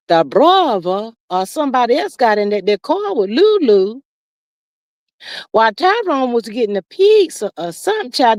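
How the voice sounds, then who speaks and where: An older woman leads a casual gossip livestream in a drawn-out, folksy drawl, addressing listeners as honey and child. Her voice is a little high, and the recording is dry.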